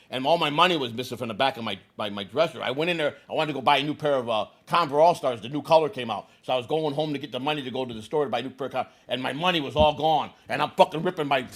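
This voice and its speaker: A man in his sixties from Chicago, telling a long story in a casual, profane way and acting out the lines of the people in it. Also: fairly high pitch. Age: 60s. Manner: profane, animated storyteller who acts out quotes.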